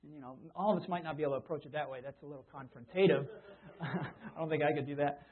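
A man's voice: a little high, fast. A man preaching a sermon in a conversational way, often restarting his sentences. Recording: tinny phone-like sound.

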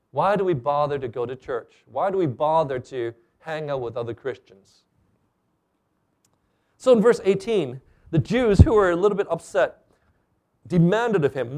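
A man preaching a sermon in a church, animated and acting out the people he quotes. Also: a little high. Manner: animated, acts out quoted speakers. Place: church stage.

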